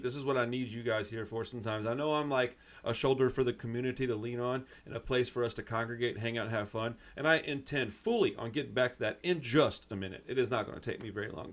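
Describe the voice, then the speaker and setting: Near tears, a man from the United States vents a personal rant to camera on his own channel; he also runs a record store. He rambles in frustration, swearing mildly and often saying "man" and "dude," in a mid-range, slightly bright voice.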